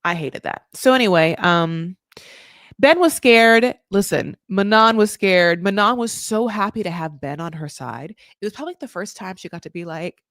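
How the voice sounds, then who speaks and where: A woman's voice: medium pitch, normal speed, dry recording, clean studio sound. Chatty woman recapping reality TV. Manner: chatty and animated, peppered with "like" and laughter. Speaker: recap podcast host. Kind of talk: casual reality TV recap commentary.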